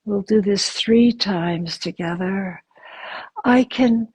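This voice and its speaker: A woman hosting and leading a gentle guided body exercise, speaking softly and soothingly, with sighs and whispered phrases. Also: medium pitch, steady tone, breathy edge, dry recording, low-quality recording. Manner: soft, slow, soothing, with sighs and whispered affirmations.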